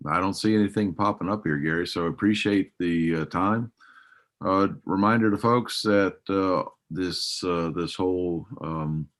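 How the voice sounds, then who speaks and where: A man moderates an industry webinar, taking questions and running the schedule in a loose, rambling way full of fillers. His voice sits low in pitch. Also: fairly bright tone. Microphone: video call.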